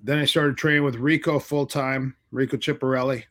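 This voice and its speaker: A middle-aged man speaks as a guest, casually retelling old stories. He slips into the voices of the people he quotes, and his voice sits at an ordinary middle pitch. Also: brisk. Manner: animated storyteller acting out quoted dialogue. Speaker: martial arts instructor, guest. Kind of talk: casual storytelling interview.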